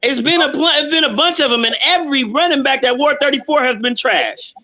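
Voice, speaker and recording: A man's voice: extremely high pitch, brisk, pushed and bright, highs cut off. A man co-hosting a casual sports chat, talking in an insistent, slangy way.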